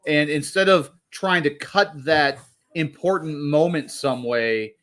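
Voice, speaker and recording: A man with a voice pitched a little above the usual, chatting loosely on a movie podcast. He rambles and drifts into jokes as he makes his point. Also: steady tone, measured pace, fairly bright tone. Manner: rambling, jokey. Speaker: podcast co-host. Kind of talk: casual movie discussion.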